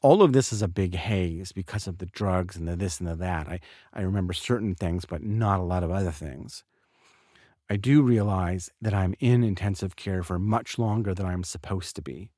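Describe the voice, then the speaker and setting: A man's voice: low-pitched, normal speed, mellow, no echo, clean studio sound. A middle-aged man candidly telling a personal story in a podcast monologue, casual and blunt, with some swearing. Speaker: podcast host.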